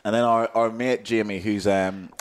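A man's voice: fairly low pitch, steady tone, normal speed, clean tone. A young man co-hosting a podcast, telling stories in casual chat and laughing often. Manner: laughing storyteller. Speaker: podcast co-host.

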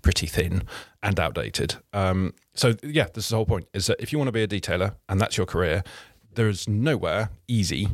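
A man's voice: deep voice, lively intonation, brisk, no room sound, studio quality. Giggly rambling man host. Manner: rambling, laughs often, many restarts. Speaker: podcast host. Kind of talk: casual chat.

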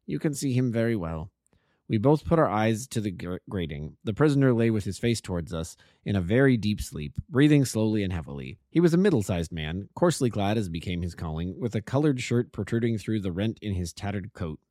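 A man, an amateur narrator, reading a classic detective story with measured, expressive storytelling. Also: fairly low pitch, dry recording, studio quality.

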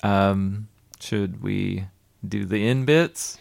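A podcast co-host speaks in an extremely low, creaky voice at an extremely slow pace, with no echo. She chats casually in a laid-back, rambling way and reads out shout-outs thanking listeners.

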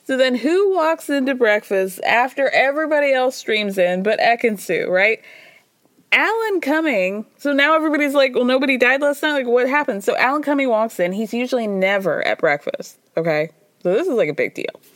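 A woman's voice: a little high, expressive, normal speed, no room sound, studio quality. A woman hosting a podcast, recapping reality TV in a chatty, gossipy, wry way, with frequent laughter. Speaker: podcast host. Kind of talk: casual reality-TV recap chat.

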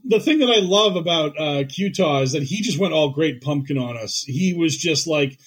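A man's voice: fairly high pitch, lively intonation, moderate pace, slightly rough, poor audio. A man co-hosting a podcast in casual comedic chat, rambling with lots of "like" and acting out quotes. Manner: rambling, heavy use of "like", acts out quotes. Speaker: podcast co-host.

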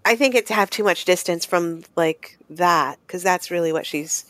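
A woman of middle pitch takes notes on her writing with easy agreement, asking how to fix things. Her voice sounds close and dry, with no room echo. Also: normal speed, fairly bright tone. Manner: agreeable, asks questions, short replies. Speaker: writer receiving feedback. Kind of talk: casual chat.

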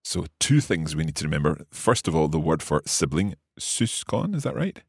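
Deep husky-voiced man learning Swedish. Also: brisk, dry recording, studio quality. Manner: relaxed, asks questions, laughs easily. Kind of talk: language lesson podcast.

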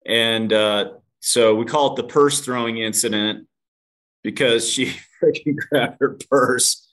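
On a podcast interview, a man recounts a personal episode frankly in a slow, mid-range, slightly bright voice. Self-mockery and casual swearing run through it, and he refers to the host as "dude."

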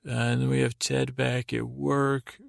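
A man's voice: mid-range voice, measured pace, creaky, no room sound, studio quality. A man hosting a sleep podcast, recapping a show in a meandering, trailing way. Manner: meandering, trailing off, paraphrasing scenes in a flat tone. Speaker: podcast host.

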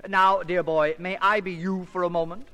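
An actor playing a pompous, fussy film director with an affected, theatrical drawl, in 1940s radio acting. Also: male voice, sits high, little pitch movement, moderate pace, bright, forceful tone. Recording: old radio broadcast, hall reverb.

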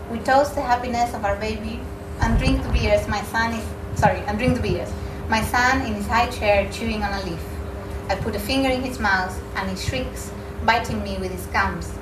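A woman reading a novel excerpt aloud at a literary event, in a measured, expressive way. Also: medium pitch. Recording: echoey room, mic far off, background noise.

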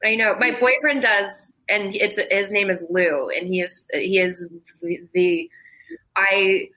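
Bright-voiced rambling woman. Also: mid-range voice, slow pace, low-quality recording. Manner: rambling, self-interrupting, laughs through grief. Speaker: podcast guest. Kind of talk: casual chat.

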